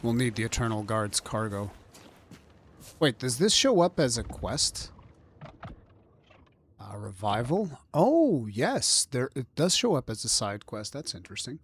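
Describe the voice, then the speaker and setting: A man's voice: medium pitch, very animated, measured pace, long pauses, slight background noise. A man giving casual, joking commentary while playing a game on stream. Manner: joking, chatty, playful asides.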